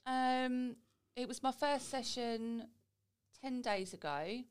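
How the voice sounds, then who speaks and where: A woman's voice: fairly high pitch, takes it slowly, clean tone. A woman guest telling her own story in a chatty, candid way. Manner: chatty, quotes people in little voices.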